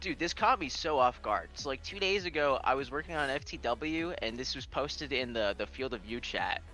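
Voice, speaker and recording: Guy cohosting a gaming show, laughs a lot, super animated, faint music under him. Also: mid-range voice, normal speed. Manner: laughs often, animated storytelling. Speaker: co-host. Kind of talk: casual gaming chat.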